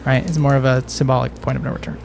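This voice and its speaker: A man's voice: mid-range voice, level tone, quick pace, creaky, background noise. A man narrating a tabletop game as game master, in a loose, conversational way with fillers.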